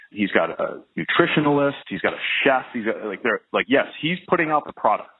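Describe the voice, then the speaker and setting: A low-voiced man with a husky, slightly rough tone talks casually about his career as a trumpet player. He rambles and restarts sentences, leaning on fillers as he thinks aloud. His voice comes through a narrow, phone-like line. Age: adult, well past early twenties. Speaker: professional trumpet player, interview guest. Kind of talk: casual conversational interview.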